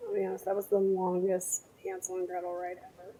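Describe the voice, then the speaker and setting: A woman co-hosting a casual let's-play, making wry, deadpan jokes. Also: on the low side, a little fast, slight background noise. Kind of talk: casual gaming banter.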